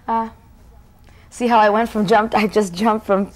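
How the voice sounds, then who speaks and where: A woman's voice: medium pitch, fairly even intonation, measured pace, long pauses. A woman in her thirties, a guest in a casual interview, musing aloud and often breaking off to restart her sentences.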